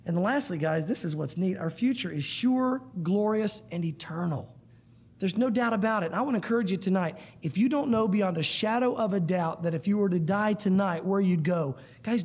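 A man's voice: high voice, darkish tone, breathy edge. A man preaching a sermon to a room of listeners, earnest and emphatic, often calling them guys. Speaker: pastor. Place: church room.

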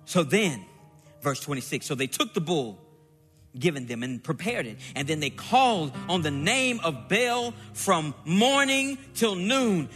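A man preaching a sermon, dramatic, acting out the scripture story with shouted lines and playful asides. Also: a little high, big pitch swings, moderate pace, long reverb tail, soft background music.

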